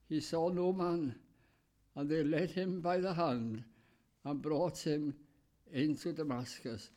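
Slow, deliberate male preacher. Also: fairly high pitch, darkish tone. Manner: slow, deliberate, pausing between short phrases. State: coughing, clearing his throat. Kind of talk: sermon reading and explaining scripture.

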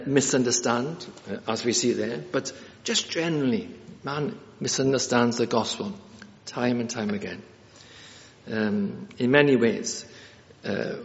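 A man preaching a sermon in an earnest, halting way, with many fillers and restarts. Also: mid-range voice, creaky. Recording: reverberant hall, dull lo-fi sound.

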